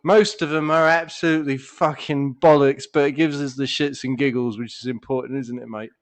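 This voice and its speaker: A man's voice: mid-range voice, fairly even intonation, brisk. A man co-hosting a casual podcast, telling rambling stories full of swearing and laughter. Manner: swears a lot, laughs often, rambling storyteller. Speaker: podcast co-host.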